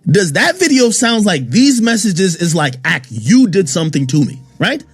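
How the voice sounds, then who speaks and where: A man telling his side in a casual livestream rant, defensive and slangy, speaking in quick bursts. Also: high-pitched, very animated, slightly rough, dry recording.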